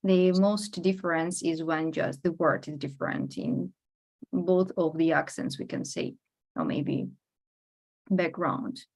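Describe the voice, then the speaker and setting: A woman hosting a relaxed interview about pronunciation, her voice sitting low with a gravelly fry. She asks questions and fills the pauses with soft agreeing murmurs. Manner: attentive, frequent murmured agreement. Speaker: host. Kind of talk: casual interview.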